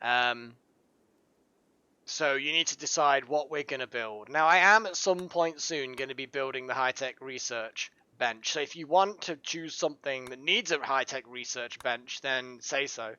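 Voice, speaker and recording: Giggly streamer, slow rambling. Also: mid-range voice, pushed and bright, smooth, dry recording. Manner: giggly, keeps breaking into laughter; rambling, full of restarts and fillers. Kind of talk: casual live-stream gaming chat. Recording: dull lo-fi dry mic.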